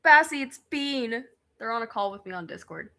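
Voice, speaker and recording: A young woman hosts a casual game stream, her voice bright and forward. She laughs often and reads the on-screen story and chat aloud between remarks. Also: on the high side, expressive, moderate pace.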